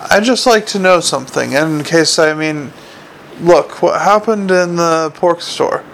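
A man voicing a nervous, clever male dwarf watchman who asks quick, fretful questions. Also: on the high side, vocal fry, fairly bright tone, a little hiss or hum, poor audio. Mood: uneasy.

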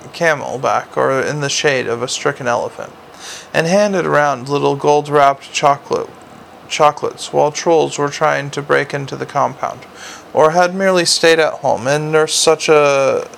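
Gravelly man reading a story aloud. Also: mid-range voice, a bit bright, slight background noise. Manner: reads with frequent slips and restarts. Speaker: audiobook narrator. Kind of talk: audiobook narration.

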